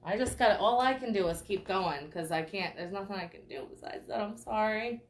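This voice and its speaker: A woman's voice: medium pitch, fairly quick. A young woman teaching a live online painting class, chatty and encouraging, checking in with "okay?" often. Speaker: art teacher.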